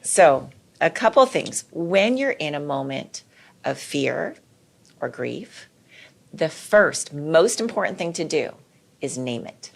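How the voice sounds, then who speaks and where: A middle-aged woman, a clinical psychologist, explaining ideas in a lively, conversational way as a podcast guest. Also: deep voice, slow, gravelly. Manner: explanatory, lively, acts out quoted voices.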